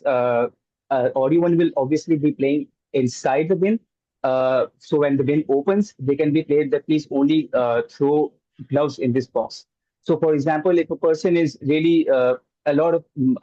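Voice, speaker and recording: A man's voice: a little high, moderate pace, dark tone, no echo, lo-fi sound. A man on a hackathon team answering judges' questions at length, with frequent fillers. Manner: explains at length with many uh fillers. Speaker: hackathon team member pitching.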